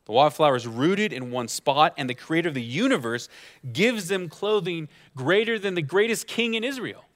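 A man's voice: on the high side, expressive, moderate pace, a bit bright. A man in his thirties, a guest pastor, preaching a conversational sermon full of rhetorical questions and asides.

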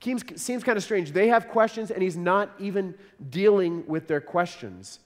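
A man delivers a sermon in an earnest, conversational way, doubling words as he works through a passage. His voice sits a little high for a man. The sound rings with the long reverb of a large church hall. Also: lively intonation, moderate pace. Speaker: pastor.

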